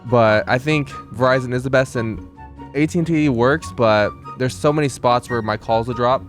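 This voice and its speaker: A young man with an ordinary mid-range voice, telling a relaxed, self-mocking story on a podcast. Faint music plays underneath. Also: medium pitch, normal speed. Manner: relaxed storyteller, laughs at himself. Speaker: podcast co-host. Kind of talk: casual chat.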